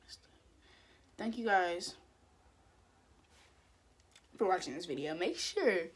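A woman's voice: fairly low pitch, animated, takes it slowly, breathy edge. A young woman hosting a music video reaction, gushing with effusive exclamations.

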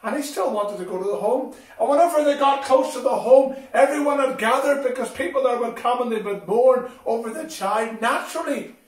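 A man telling a Bible story to children at a school assembly, animated and expressive as he talks to them directly. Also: very high-pitched, a little fast, few pauses. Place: school hall. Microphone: distant from the recording mic. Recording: echoey hall from far off.

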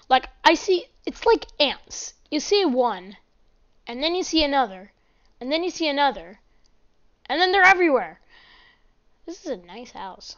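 High-voiced excitable woman gaming commentator. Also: normal speed, long pauses, highs cut off. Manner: excitable, chatty, breaks into shouts and apologies. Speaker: gaming channel host. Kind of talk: casual gameplay commentary.

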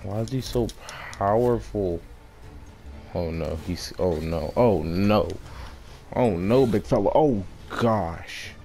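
A man giving casual, excitable commentary while playing a video game, shouting at the monster he is fighting and exclaiming often. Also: fairly low pitch, takes it slowly. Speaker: gaming streamer.

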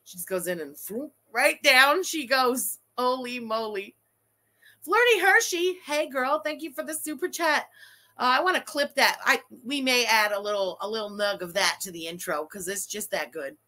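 Casting: young adult woman, high, bright, swearing, animated livestream host. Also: normal speed. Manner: profane, animated, ranting. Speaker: livestream host reading super chats. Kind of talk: casual livestream chat.

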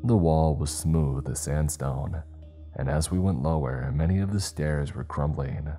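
A man narrating a horror story in a slow, measured storytelling voice. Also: extremely low pitch, warm tone. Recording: faint background music.

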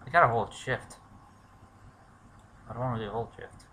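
A man giving let's play commentary, muttering to himself and swearing, breaking into shouts when things go wrong. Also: medium pitch, normal speed, a little hiss or hum. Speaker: gamer.

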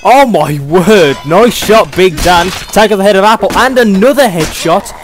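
A young British man doing excitable play-by-play commentary on a video game match, chuckling often. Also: high-pitched, normal speed, faint music behind.

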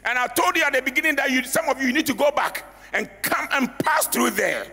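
A man's voice: extremely high pitch, expressive, fairly quick, pushed and bright. A man, an elder preaching an emphatic sermon in a church and at times breaking into song. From Ghana. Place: church hall. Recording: reverberant church hall with music.

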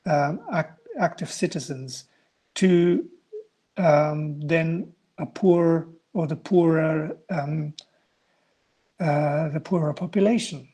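Male guest lecturer on a video call, husky tone, hesitant answers with lots of restarts. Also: a little high, slow, dark tone. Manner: hesitant, many restarts and fillers. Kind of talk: answering student questions in an online lecture.

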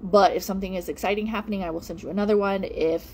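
A woman who works as a home-fragrance consultant, talking casually to viewers in a rambling, animated way with lots of fillers and repeated phrases. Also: mid-range voice, quick pace, slight background noise. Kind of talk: casual live-stream chat to viewers.

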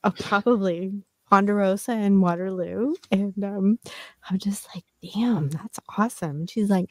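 A woman's voice: medium pitch, darkish tone, no echo. A woman co-hosting a casual chat, rambling through a family story and acting out the people in it. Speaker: podcast co-host.

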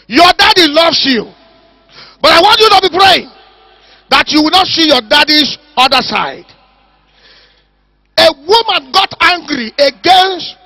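A man preaching a fiery sermon at a church service, shouting and stretching out his repeated words. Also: very high voice, no room sound. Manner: shouting, emphatic, drawn-out repetitions. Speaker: pastor.

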